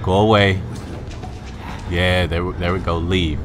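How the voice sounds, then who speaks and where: A young man playing a horror game, swearing, talking to the character he controls and yelling high when scared. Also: flat delivery, takes it slowly, background noise. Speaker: gamer. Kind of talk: horror game let's play commentary.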